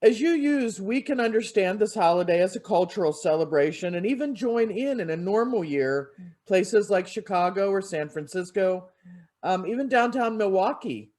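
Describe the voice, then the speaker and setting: A minister preaching a sermon in an expressive storytelling manner. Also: medium pitch.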